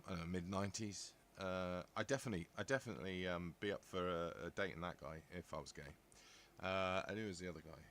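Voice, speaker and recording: A man talks casually in a bright, forceful voice. He rambles from one thought to the next, breaks off into jokey asides, and keeps it chatty as he hosts. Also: fairly low pitch. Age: 50s. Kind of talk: casual chat.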